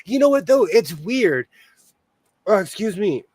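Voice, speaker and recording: Chatty man with a high voice. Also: big pitch swings, measured pace, darkish tone, breathy edge, no echo. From California. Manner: rambling, laughs often. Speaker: podcast host. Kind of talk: casual chat.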